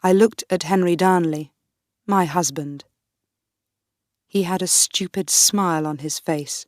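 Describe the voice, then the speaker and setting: Woman reading a simple story slow and clear, lowish voice, dry close sound. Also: no echo. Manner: clear, measured. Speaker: audiobook narrator. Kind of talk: first-person story reading for learners.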